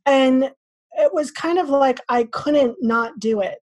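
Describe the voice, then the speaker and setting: A woman with a fairly high voice, recorded close and dry. She tells personal stories with animation, acting out quoted lines as she goes. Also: slow, darkish tone, no room sound. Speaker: podcast guest, spiritual teacher. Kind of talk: casual storytelling interview.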